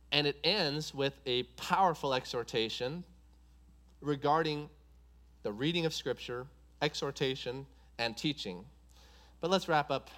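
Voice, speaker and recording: A man's voice: medium pitch, a bit bright. A man preaching a sermon, driving points home with an emphatic, repetitive cadence.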